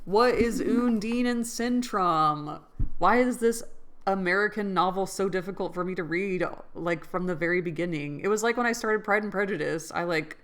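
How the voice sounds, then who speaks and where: A woman's voice: mid-range voice, moderate pace. A woman hosting a casual read-aloud, rambling and thinking aloud between passages and correcting herself as she goes. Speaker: channel host reading a novel aloud.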